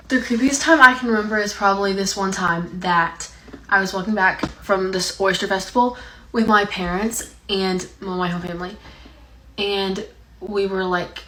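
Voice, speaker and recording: A woman's voice: mid-range voice, bright, forceful tone, rough recording. A young woman from Appalachia, telling a story in a casual, rambling way with lots of "like". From Appalachia, USA. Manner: rambling, heavy use of "like". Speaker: TikTok storyteller.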